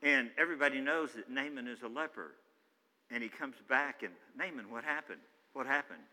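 A man preaching a sermon, animated, swinging between loud excited bursts and hushed asides, acting out the Bible characters in his own voice. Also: medium pitch, brisk. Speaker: pastor. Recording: long reverb of a large hall.

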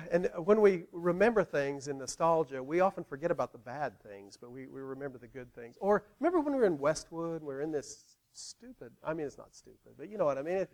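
A male pastor preaching in an animated, conversational way, playfully involving the congregation. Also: on the high side, fairly quick, hardly any pauses. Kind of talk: sermon.

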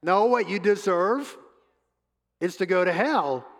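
A man preaching a sermon as pastor, emphatic, repeating his words and pausing often. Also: high voice, lively intonation. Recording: long hall reverb.

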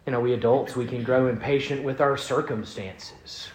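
A man preaching a sermon as pastor, earnest, building emphasis and then dropping soft. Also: mid-range voice, fairly even intonation, normal speed, reverberant.

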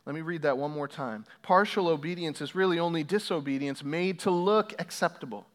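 Pastor type, male, slightly high voice, preaching with growing intensity and repeated key lines. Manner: builds from measured to intense, repeats key phrases for emphasis. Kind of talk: sermon.

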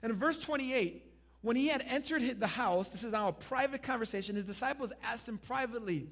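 High-voiced preacher, hushed to booming. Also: male voice, fairly quick. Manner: dynamic preaching, swinging from hushed to loud; leads congregation in call and response. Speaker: pastor. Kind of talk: sermon.

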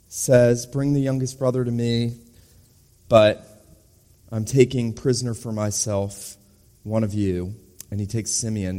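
A man's voice: on the low side, dark tone. Earnest male preacher in a reverberant hall. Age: middle-aged or older. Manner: earnest expository preaching, rises to emphatic urgency. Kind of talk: sermon.

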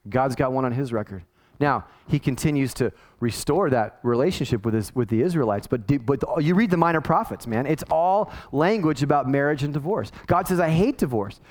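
A man's voice: medium pitch, fairly quick. A middle-aged man, a pastor, preaching a sermon in a casual, conversational way and acting out the people he quotes. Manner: conversational, animated, acts out quoted voices.

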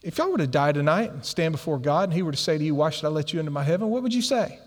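A man's voice: fairly high pitch, lively intonation, racing. A man voicing a brash, friendly man in a story who pushes himself on strangers with an eager, drawling manner. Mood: folksy eager. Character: brash friendly adult man, folksy and pushy. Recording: long hall reverb.

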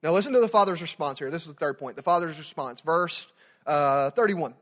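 Young guy preaching, a bit high voiced, gets loud then goes real quiet. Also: a little fast. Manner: animated preaching, rises loud then drops soft. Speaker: student pastor. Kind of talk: sermon.

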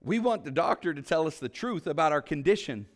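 A man preaching a sermon as a pastor, earnest, asking the congregation questions and moving between emphatic peaks and quiet low asides. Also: lively intonation, fairly quick. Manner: asks the congregation rhetorical questions.

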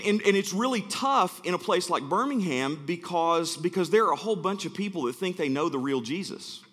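A man's voice: a little high, a bit bright, long reverb tail. A middle-aged man from Alabama, preaching as a guest speaker and telling self-deprecating stories in a chatty, joking way. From Alabama, USA. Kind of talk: sermon. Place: church sanctuary.

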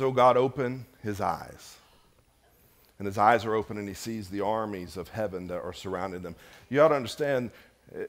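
Loud, emphatic bursts alternate with hushed, low moments as a male pastor preaches a sermon in church.

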